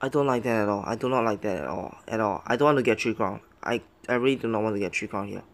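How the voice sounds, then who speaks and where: A young man giving live gameplay commentary, excitable, muttering his plans, then pleading and yelping as matches turn. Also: on the low side, fast. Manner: excitable, swings between muttering plans and loud yelps; pleads and begs at the game. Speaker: game commentator.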